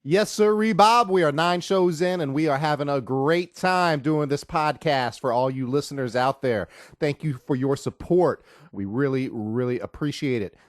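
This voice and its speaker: A man hosting a podcast, casually rambling through joking sports stories after a loud, drawn-out opening. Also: mid-range voice, dry recording, clean studio sound. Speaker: podcast host.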